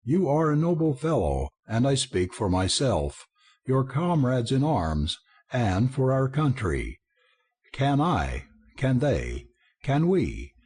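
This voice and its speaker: A man's voice: mid-range voice, a little mellow, husky, full character voice. A man voicing an earnest Civil War general pleading in formal oratory.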